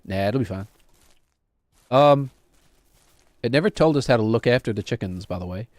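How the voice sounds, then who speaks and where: A man's voice: mid-range voice, lively intonation, moderate pace, a little mellow, dry recording. A man streaming a game, rambling and joking to himself as he plays. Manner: rambling, jokey, talks to himself while playing. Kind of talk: casual gameplay commentary.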